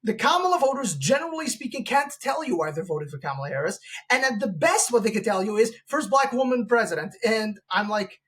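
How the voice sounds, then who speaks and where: A man hosting a podcast interview argues a long, opinionated point, rambling, restarting often, and acting out quoted voices. His voice sits high and swings widely in pitch, with a fairly bright tone. He talks fast.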